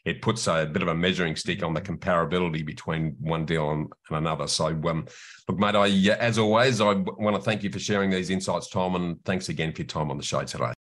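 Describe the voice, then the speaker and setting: A man's voice: low voice, quick pace, fairly bright tone. A man with an Australian accent hosting a property podcast, chatty and matey, laughing easily with his guests. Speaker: podcast host. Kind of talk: casual chat.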